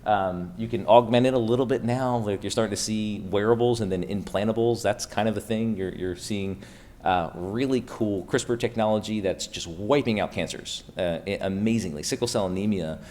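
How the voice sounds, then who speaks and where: A man's voice: fairly low pitch, normal speed, a little mellow. A man from Pennsylvania giving a casual, upbeat conference keynote to a live audience in a room, throwing rhetorical questions at the crowd. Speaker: keynote speaker.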